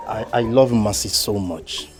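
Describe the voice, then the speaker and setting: A man's voice: fairly low pitch, unhurried, over music, close to an everyday voice. An actor playing a polite young suitor with a Nigerian accent who thanks the uncle and asks to marry his niece. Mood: earnest. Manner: polite, deferential.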